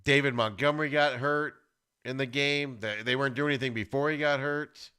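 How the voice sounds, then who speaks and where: A man hosting a podcast, giving an animated, ranting football recap with plenty of exclamations. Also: mid-range voice, fairly quick, smooth. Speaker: podcast host.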